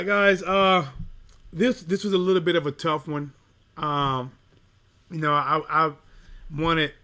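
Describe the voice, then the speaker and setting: A man giving casual live stream commentary on a fight, talking straight to his viewers. He gets excited easily and fills his talk with fillers and restarts. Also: fairly high pitch.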